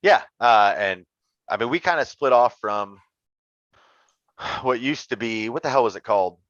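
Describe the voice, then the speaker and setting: A man's voice: mid-range voice, normal speed, fairly bright tone, dry recording. Blunt, joking man, dry lo-fi sound. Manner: blunt, joking, folksy grammar. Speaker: podcast guest, sim racer. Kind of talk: casual podcast chat.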